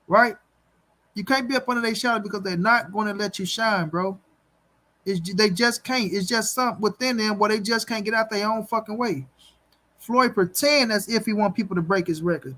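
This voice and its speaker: Boxing livestream host, man, high-pitched, blunt and profane, hammers each point home. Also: a little fast, sharp tone. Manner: blunt, profane, talks straight to viewers; repeats his points for emphasis. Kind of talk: livestream commentary rant.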